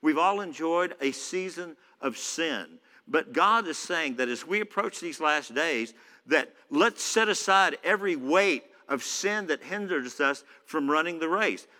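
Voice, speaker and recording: A man's voice: fairly high pitch, lively intonation, a little slow, pushed and bright. A man preaching a sermon in a church, conversational, with many fillers. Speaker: pastor. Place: church hall. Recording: echoey church hall.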